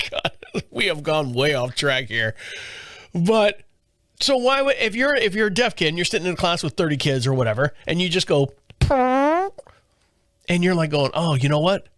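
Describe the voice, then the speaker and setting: A man's voice: on the high side, sing-song, moderate pace, fairly bright tone, no echo, clean studio sound. A man hosting a casual comedy podcast who reads a story aloud, often laughing and stumbling over his words. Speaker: podcast host. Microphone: studio multi-camera setup.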